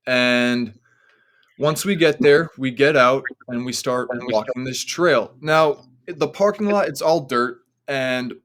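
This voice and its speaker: Rambling man telling a story, mid-pitched. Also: fairly bright tone. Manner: rambling, heavy use of "like" fillers. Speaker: podcast guest. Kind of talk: casual storytelling.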